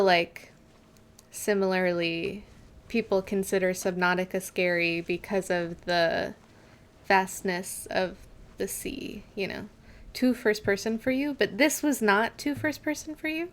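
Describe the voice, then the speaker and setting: A young woman streaming a game, chatting casually with viewers, giggling often and filling pauses with "like" and "um". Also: mid-range voice. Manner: chatty, giggly, with many fillers. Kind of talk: casual gameplay chat with chat reading.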